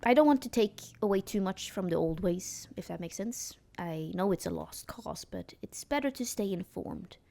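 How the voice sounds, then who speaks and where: A woman voicing a sincere male scientist who speaks in a measured, careful way. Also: mid-range voice, expressive, gravelly, warm tone. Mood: earnest. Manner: measured, vague.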